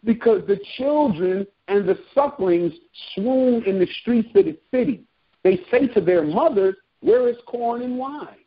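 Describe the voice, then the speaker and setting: A street preacher with a high, expressive voice and a breathy edge reads scripture verses aloud at an unhurried pace, then breaks off into casual, slangy commentary. The sound is phone quality.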